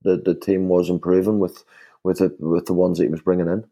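A man speaks in a low, mellow voice. He is a former player recalling his club days in casual conversation. He rambles and restarts often, leaning on "you know.". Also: flat delivery, brisk, vocal fry. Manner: rambling with many fillers and restarts. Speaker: former footballer guest. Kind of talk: casual podcast chat.

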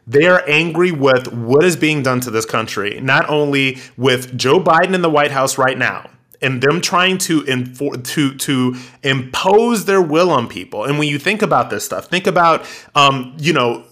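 A man hosting a podcast, giving animated, rambling political commentary with many restarts. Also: medium pitch. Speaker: podcast host.

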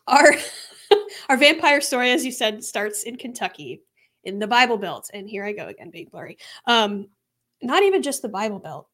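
Giggly young woman co-hosting a podcast. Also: a little high. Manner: giggly, laughs often mid-sentence. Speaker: podcast co-host. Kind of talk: casual true crime chat.

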